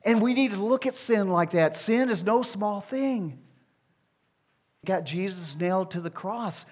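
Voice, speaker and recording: A man preaching a sermon, emphatic and repetitive, building to forceful declarations. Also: sits high, lively intonation, a little slow, breathy edge.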